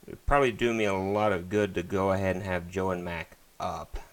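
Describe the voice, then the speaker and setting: A man streaming a retro game, chatting casually in a flat, monotone way. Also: sits low, fairly quick. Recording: game music loud behind the voice. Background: game music.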